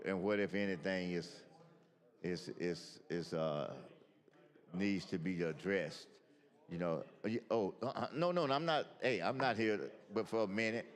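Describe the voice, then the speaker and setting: Folksy man at a chamber mic. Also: on the low side. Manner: loose, folksy, rambling with many restarts. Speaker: state senator. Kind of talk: informal remarks on the chamber floor. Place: large legislative chamber. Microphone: floor microphone. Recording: long reverb of a large hall.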